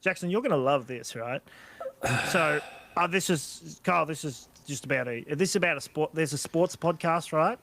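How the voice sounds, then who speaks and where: A man's voice: fairly high pitch, normal speed, vocal fry, fairly bright tone, slight background noise. A young man co-hosting a casual podcast, joking around and laughing often. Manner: joking, laughs often, tries silly voices. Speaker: podcast co-host. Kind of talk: casual chat.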